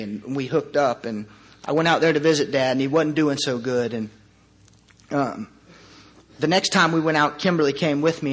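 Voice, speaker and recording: A man's voice: mid-range voice, a bit bright. A young man speaking at a recovery meeting, telling his personal story in an earnest, conversational way.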